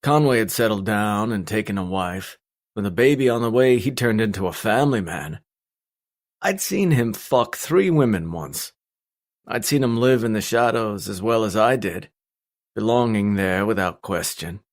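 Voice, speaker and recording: A man reading a first-person audiobook in a blunt, steady storytelling manner. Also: on the low side, moderate pace. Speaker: audiobook narrator.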